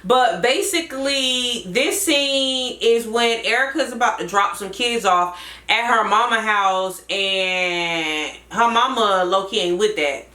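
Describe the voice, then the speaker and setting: An upbeat woman explains how she voices her cartoon characters in a chatty, bright voice. The room sounds echoey around her. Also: medium pitch, takes it slowly. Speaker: cartoon creator and voice actor. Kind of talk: behind-the-scenes explanation.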